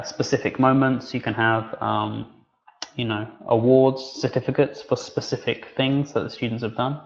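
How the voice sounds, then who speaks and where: A man's voice: mid-range voice, gravelly, muffled recording. Chatty male teacher trainer on a webinar. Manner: relaxed, conversational, with many fillers and restarts.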